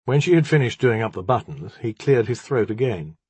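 A man reading an audiobook in an expressive, even-paced scripted narration. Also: mid-range voice, a little fast, husky, dry recording.

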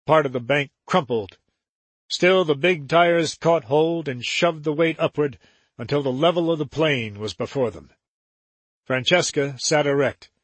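A man narrating an adventure novel in a measured, steady way. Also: on the high side, slightly rough, dry recording. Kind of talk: audiobook narration.

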